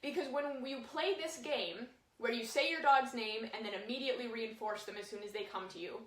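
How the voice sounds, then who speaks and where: A woman's voice: on the high side, brisk, a bit bright. A woman dog trainer giving a casual lesson, talking chattily and showing points with her dog as she explains. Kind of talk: casual instructional talk. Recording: echoey room, voice from a distance.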